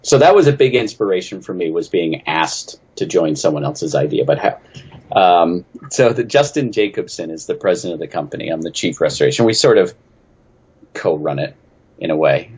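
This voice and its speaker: A man from New England with a very low, husky voice talks through interview questions as a game designer guest. He is chatty and snarky and pokes fun at himself. The audio is a little dull and lo-fi. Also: lively intonation, moderate pace, a little mellow. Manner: chatty, self-deprecating, snarky. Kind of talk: casual interview answers.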